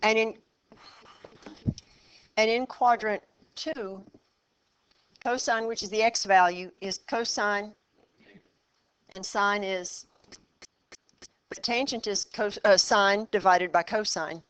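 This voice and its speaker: Quizzing her students in a brisk, encouraging way, a woman leads a math lesson and works through problems one step at a time. She speaks in a mid-range voice with a fairly bright, clear, resonant tone.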